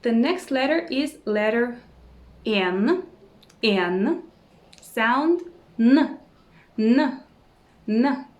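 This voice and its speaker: A woman teaching a language lesson who says each word slowly and repeats it several times, with short words of encouragement. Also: a little high, lively intonation, roomy sound. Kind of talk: slow repeat-after-me pronunciation lesson.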